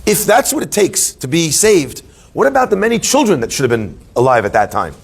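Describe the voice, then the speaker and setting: A man playing a rabbi teaching a live class, higher voice, lively and joking. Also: fairly quick, vocal fry, husky. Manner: animated, joking storyteller who asks questions. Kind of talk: Torah class before a live audience.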